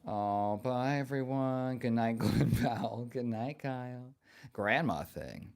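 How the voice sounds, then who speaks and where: A man's voice: mid-range voice, takes it slowly, creaky, darkish tone. A man hosting a casual live stream, reading viewer comments aloud and answering them in a playful, joking and affectionate way.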